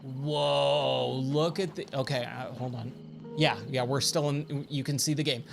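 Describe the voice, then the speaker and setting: A man's voice: medium pitch, steady tone, unhurried, creaky. A man chatting casually on a gaming livestream, easily amazed and thanking viewers, with faint game music behind.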